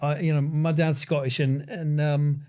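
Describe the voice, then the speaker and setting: A man, a podcast guest speaking reflectively, with many pauses, fillers and restarts. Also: on the high side, level tone, dark tone, clear, resonant tone. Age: 40s. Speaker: podcast guest, agency founder. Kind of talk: reflective conversation.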